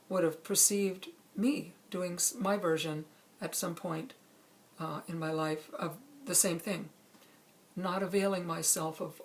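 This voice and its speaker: A middle-aged woman calmly telling a true personal story, with measured pauses. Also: lowish voice. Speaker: speaker sharing a personal story.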